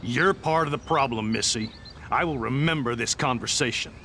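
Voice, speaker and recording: A man's voice: mid-range voice, moderate pace, sharp tone, slight background noise. An actor playing a stern, threatening middle-aged campus security man in a game.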